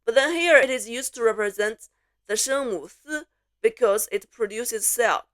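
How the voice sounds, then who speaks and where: A woman's voice: fairly high pitch, expressive, fairly bright tone. Chinese woman teaching Mandarin sounds. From Beijing, China. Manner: slow, clear model pronunciations switching between English and Mandarin. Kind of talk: language lesson, repeat-after-me drills.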